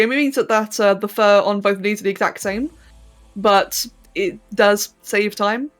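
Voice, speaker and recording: A chatty English woman with a slightly high voice talks her way through a live stream as she sculpts a 3D model. She laughs easily and stumbles over her words, with faint music under her voice. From London, England. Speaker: streamer and 3D artist. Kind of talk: casual live-stream chat while modelling.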